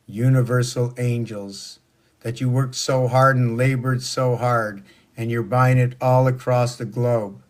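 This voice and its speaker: A man's voice: mid-range voice, fairly even intonation, a little slow. A man in his sixties giving a rambling, preachy spoken monologue full of rhetorical questions. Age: 60s. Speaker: social media monologuist.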